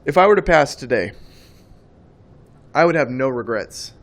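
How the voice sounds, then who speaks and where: A man preaches in a plain, mid-pitched voice. He talks emphatically and loosely, circling back and repeating phrases as he builds his point. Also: expressive, moderate pace. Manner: emphatic, rambling, repeats words. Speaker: Christian speaker. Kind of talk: preaching monologue.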